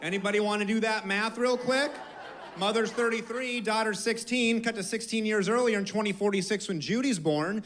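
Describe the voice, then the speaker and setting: A man's voice: sits high, steady tone, fairly quick, fairly bright tone, a little hiss or hum. A male stand-up comedian building a joke step by step with a wry tone. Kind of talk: stand-up routine.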